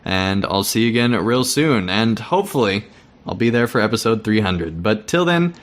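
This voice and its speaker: A podcast co-host giving an earnest, thankful farewell in a casual way. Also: male voice, fairly low pitch, animated, normal speed.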